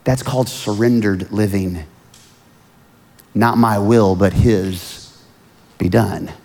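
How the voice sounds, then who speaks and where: A man preaching a sermon, swinging from hushed, earnest lines to loud pleading outbursts. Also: lowish voice, fairly even intonation, slow. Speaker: pastor.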